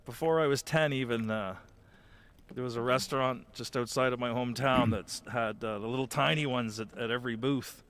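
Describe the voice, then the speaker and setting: An easygoing male host tells stories in a studio chat. His speech rambles and is full of "uh" fillers, and his pitch sits in an ordinary middle range. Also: fairly quick, fairly bright tone, clean tone. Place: recording studio.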